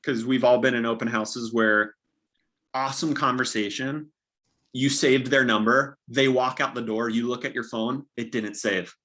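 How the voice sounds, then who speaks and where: Bright-voiced young man giving upbeat sales tips. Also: mid-range voice, fairly even intonation, moderate pace. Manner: upbeat, practical, acts out sample dialogues. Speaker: real estate agent, guest. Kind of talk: casual coaching talk.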